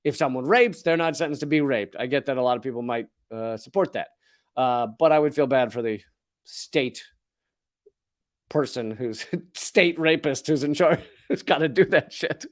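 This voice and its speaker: A man's voice: mid-range voice, normal speed. A man with a Southern US accent giving a sarcastic, profane comedic commentary monologue. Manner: sarcastic, profane, chuckles at own jokes.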